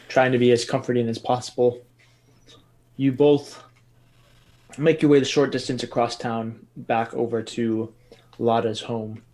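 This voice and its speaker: A man running a tabletop game as game master, narrating scenes slowly and descriptively with small hesitations. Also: medium pitch, darkish tone.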